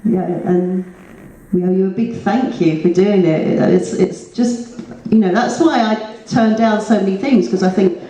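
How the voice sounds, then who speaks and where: A woman's voice: medium pitch, a little slow, mellow. A woman on a convention panel chatting in a giggly, self-mocking way. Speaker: panel guest. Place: convention hall. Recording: echoey hall, distant mic.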